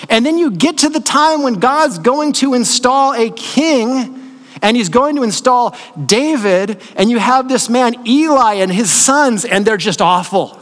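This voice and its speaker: A man's voice: extremely high pitch, lively intonation, unhurried, a bit bright. A man preaching a sermon as pastor, talking conversationally, checking in with listeners and acting out stories. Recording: long reverb of a large hall.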